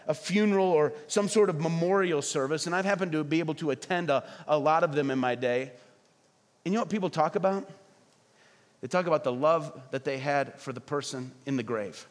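A middle-aged man preaching a sermon as pastor, animated, often acting out quoted voices. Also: a little high. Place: church hall. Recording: reverberant hall.

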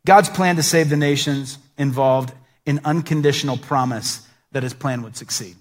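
A middle-aged man preaching a sermon as a pastor, conversational and animated, acting out little asides. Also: mid-range voice, moderate pace.

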